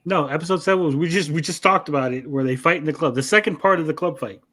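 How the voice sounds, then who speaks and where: A man co-hosting an anime review chat, retelling scenes in a lively, profane way with mock voices. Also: a little high, fast. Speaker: podcast co-host.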